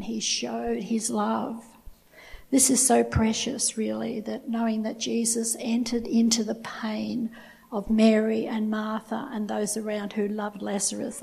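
Husky, gravelly Bible-teaching woman. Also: fairly high pitch, darkish tone, rough recording. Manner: retells scripture with personal asides.

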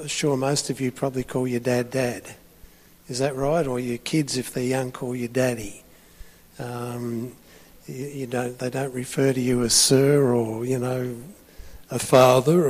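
A man's voice: medium pitch, darkish tone, big-room sound. A man preaching a sermon, telling a story in a chatty way with frequent restarts.

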